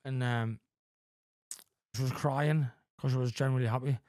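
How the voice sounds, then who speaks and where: A man in his forties talking candidly as a podcast guest, halting with lots of fillers and frequent swearing. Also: medium pitch, steady tone, darkish tone, dry recording, studio quality. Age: 40s. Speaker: podcast guest in addiction recovery. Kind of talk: candid conversational interview.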